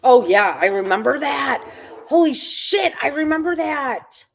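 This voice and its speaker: A woman's voice: sits high, expressive, unhurried. A woman chatting on a casual livestream at home, blunt and profane in her talk.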